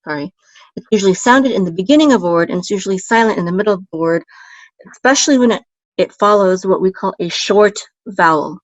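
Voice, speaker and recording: A woman's voice: mid-range voice, fast talker, no room sound, dull audio. A woman teaching a word-by-word language lesson, sounding out syllables patiently, repeating them and correcting herself. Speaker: Hebrew teacher.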